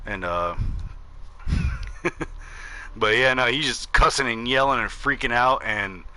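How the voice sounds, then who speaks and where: A man's voice: mid-range voice, moderate pace, pushed and bright. A man telling a rambling, profane story in casual chat while he plays a game, acting out the quotes as he goes. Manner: rambling, profane, with lots of fillers and acted quotes. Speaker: gaming channel host.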